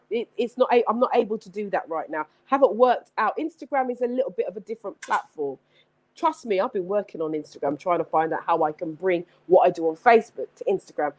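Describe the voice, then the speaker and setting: A woman hosting a live-streamed motivational talk, energetic and exclamatory, repeating her points like a preacher. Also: fairly high pitch. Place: home setup with several screens.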